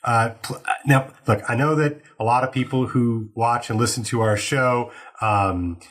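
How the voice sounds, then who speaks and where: A man hosting a podcast, informal and curious, breaking in with quick questions. His voice is husky and a little breathy. It sits at an ordinary middle pitch. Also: steady tone, fairly bright tone. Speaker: host. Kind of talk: casual podcast conversation.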